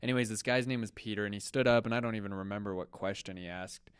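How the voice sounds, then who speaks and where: A man co-hosting a podcast, telling a story in a loud, animated, casual way. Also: lowish voice, fast talker, clean tone, no room sound, clean studio sound. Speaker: podcast co-host.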